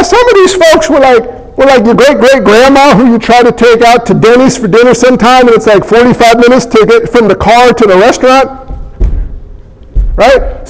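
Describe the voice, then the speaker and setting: High-voiced man preaching in a hall. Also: a little hiss or hum. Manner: animated storytelling, acts out characters. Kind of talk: humorous sermon.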